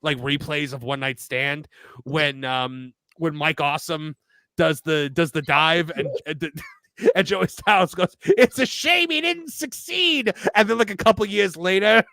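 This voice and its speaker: Bright high-voiced excitable man. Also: unhurried, vocal fry, no room sound, clean studio sound. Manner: excitable, laughs often, trails off in restarts. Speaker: podcast co-host. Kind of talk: casual comedic wrestling chat.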